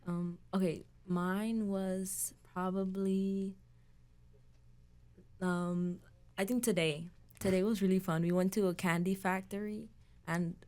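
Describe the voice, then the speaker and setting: A woman's voice: fairly low pitch, a little mellow. A teenage girl student talking about her program in a hesitant casual chat, with many fillers. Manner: hesitant, lots of ums and likes.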